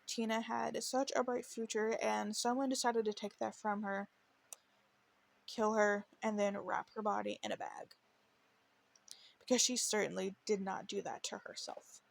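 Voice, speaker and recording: Gravelly-voiced woman hosting true crime. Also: mid-range voice, little pitch movement, measured pace. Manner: earnest, emotional, reads quotes with stumbles and restarts. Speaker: podcast host. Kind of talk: true crime podcast narration.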